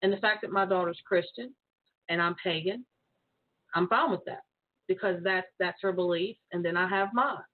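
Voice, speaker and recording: A woman's voice: lowish voice, moderate pace. A woman calling in to a show, rambling with many fillers. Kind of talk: casual call-in chat. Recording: tinny phone line.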